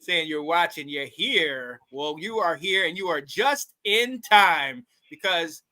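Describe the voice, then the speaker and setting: High-voiced hype man hosting. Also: animated, slow pace, sharp tone. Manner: hype, slangy, laughs often. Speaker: guest host. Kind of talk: casual sports talk.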